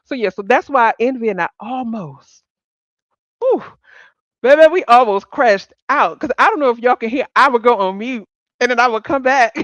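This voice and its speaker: A woman hosting a live stream, chatting casually with her audience in a blunt, profane and animated way, laughing often. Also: a little high, moderate pace, no room sound. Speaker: livestream host.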